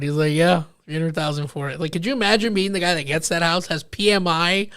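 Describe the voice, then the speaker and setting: A young man hosts a casual podcast chat, spinning animated anecdotes and slipping into the voices of the people he describes. His voice sits a little high with a gravelly edge. The sound is dry and close. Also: brisk, dry recording. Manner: animated storyteller acting out quoted people. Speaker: podcast host.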